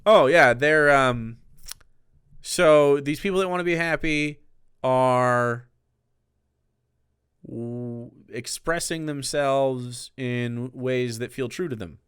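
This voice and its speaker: A male streamer talking casually and sarcastically, rambling from point to point with sudden animated bursts. His voice is smooth and resonant, at a middling pitch. It is close and dry, with no room sound. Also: slow pace, no room sound. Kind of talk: casual live-stream commentary.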